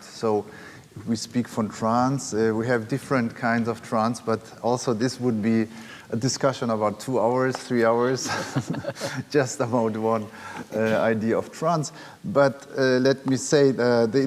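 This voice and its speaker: A percussionist with a mid-range voice leads a music workshop in a large music-academy hall, explaining rhythm hesitantly with many fillers. He counts beats and chants drum syllables aloud, with long hall reverb and drumming in the recording.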